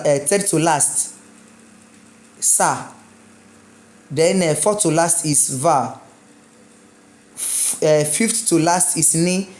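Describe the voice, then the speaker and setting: A woman's voice: sits low, darkish tone. Woman drilling stress rules. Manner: chants suffixes in a singsong, drills word lists. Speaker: English teacher. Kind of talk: exam-prep lesson.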